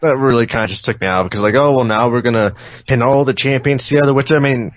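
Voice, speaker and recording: A man's voice: medium pitch, fast talker. A man co-hosting a casual podcast, talking in a hesitant, hedging way. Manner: hesitant, hedging, many fillers. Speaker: podcast co-host. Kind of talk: casual chat. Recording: dull lo-fi podcast audio.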